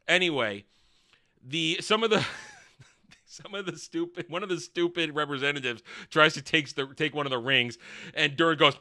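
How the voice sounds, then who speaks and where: A man rants through a show review in a high, very bright voice. He is sarcastic and animated, leaping between asides and mock voices. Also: normal speed. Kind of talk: casual review rant.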